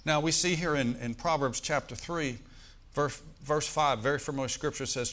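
A man's voice: a little high, moderate pace, a bit bright. A male pastor preaching a sermon in a church, asking his congregation questions and leading them in reciting scripture.

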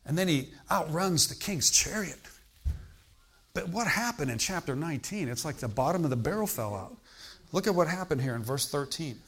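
A man's voice: a little high, lively intonation, normal speed, a bit bright, breathy edge. A man preaching a sermon in a conversational way. He asks the congregation questions and adds emphatic exclamations.

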